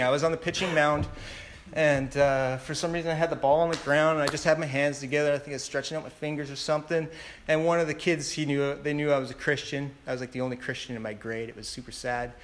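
A man's voice: mid-range voice, a bit bright, slight background noise. A man in his thirties giving a personal testimony in a rambling way, with many fillers and restarts. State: tearful. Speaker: speaker sharing a testimony.

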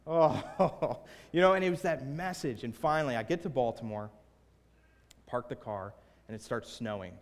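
A young man preaching a sermon with a personal testimony and prayer, earnest and shifting from hushed to emphatic. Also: mid-range voice, moderate pace, big-room sound. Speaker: pastor. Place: church sanctuary.

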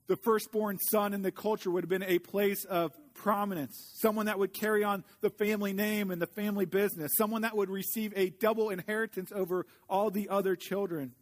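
A man preaching a sermon in an earnest way, slowing down when he reads scripture aloud. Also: high voice, steady tone. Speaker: pastor.

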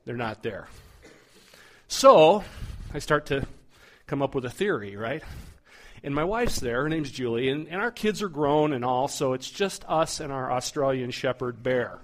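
A middle-aged man preaching a sermon, telling a story in a conversational, animated way as the pastor. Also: medium pitch, measured pace.

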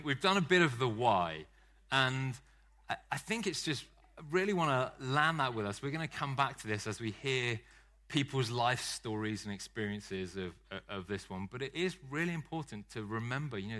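A man's voice: medium pitch, sharp tone. A man preaching a sermon in a conversational style, joking and poking fun at himself. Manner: conversational, joking, self-deprecating.

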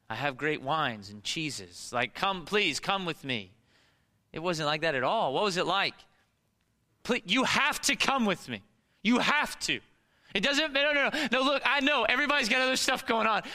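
A middle-aged man preaching with a high-pitched, very bright, cutting voice. He tells the story dramatically, pushing hard in urgent moments and dropping to hushed low tones elsewhere. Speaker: pastor. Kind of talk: sermon.

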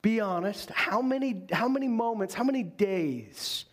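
A man's voice: high voice, animated, normal speed, breathy edge. A man preaching a sermon as pastor, earnest and repeating phrases for emphasis.

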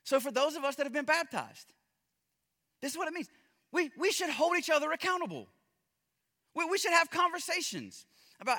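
A man preaching a sermon as pastor, impassioned, swinging between loud emphasis and hushed, drawn-out lines. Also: extremely high pitch, sing-song, in a large hall.

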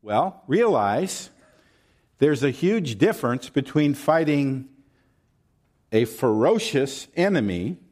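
Male pastor, sermon delivery, unhurried, highly expressive pitch.

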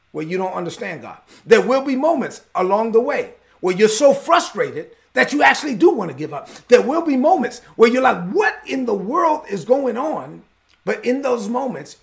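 A man's voice: high voice, creaky. A man preaching a sermon as pastor, emphatic and conversational.

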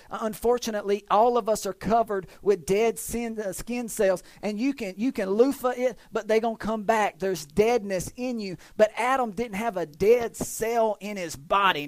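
A high-voiced man preaches a folksy church sermon as pastor. He stretches out the scripture in a slow, loud reading voice and keeps turning to the congregation with questions. The recording is close and dry, with little room sound. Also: dry recording.

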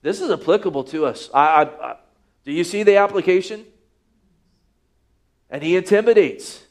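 A man with a high voice preaching a sermon. He reads scripture aloud and keeps asking his listeners rhetorical questions. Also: moderate pace. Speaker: pastor.

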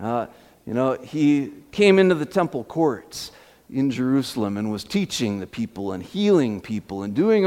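Lively high-voiced pastor in a reverberant hall. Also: male voice. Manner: storytelling with repeated fillers and restarts. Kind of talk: sermon.

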